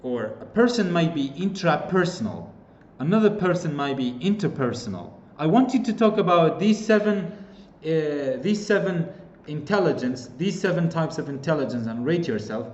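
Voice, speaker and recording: A man's voice: a little high, expressive, moderate pace, darkish tone. A man with a Kurdish accent teaching an English class online, explaining points with repeated examples and frequent fillers. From Kurdistan region of Iraq. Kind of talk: online lecture. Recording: roomy, dull lo-fi recording.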